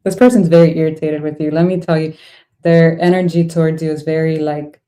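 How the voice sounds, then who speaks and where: A young woman talks through a tarot reading in a casual, unscripted way. Her voice sits a little low and has a dark, mellow tone. She is blunt and exasperated, and she swears freely as she reacts. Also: steady tone, fairly quick. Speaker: tarot reader.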